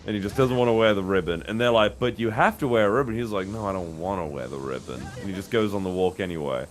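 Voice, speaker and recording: British guy with a low voice, rambling and sweary; casual stream co-host. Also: fast, slight background noise. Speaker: guest co-host. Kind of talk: casual chat on a game stream.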